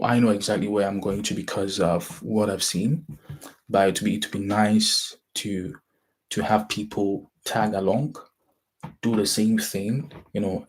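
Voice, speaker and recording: A young man from Ghana with a Ghanaian accent talks casually to his listeners. His voice is husky and fairly low, and he rambles and often starts his sentences over. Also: darkish tone. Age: young adult. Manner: rambling, halting, with many restarts. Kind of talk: casual motivational talk.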